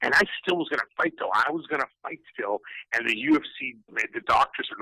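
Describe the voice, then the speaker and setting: A man's voice: mid-range voice, big pitch swings, fairly quick, gravelly, bright, forceful tone, breathy edge, dry recording, low-quality recording. A middle-aged man, a guest on a podcast, talking heatedly and profanely with many restarts. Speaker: guest, retired fighter. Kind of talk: podcast interview.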